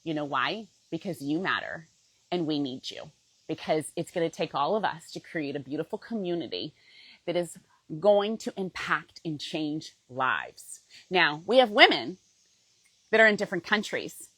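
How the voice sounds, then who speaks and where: A woman's voice: low-pitched, lively intonation, moderate pace, a bit bright, husky, dry recording, rough recording. A middle-aged woman coach talking straight to her viewers in a heartfelt, emotional way, often checking in with "okay?". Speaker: fitness program coach. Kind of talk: heartfelt direct-to-camera pitch.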